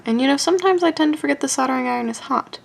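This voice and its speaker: A woman narrating a casual hands-on kit build, playful and self-joking, often laughing and dropping into a soft whisper as she works. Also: sits high, racing, creaky. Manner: often drops to a soft whisper while working. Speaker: amateur radio hobbyist building a kit.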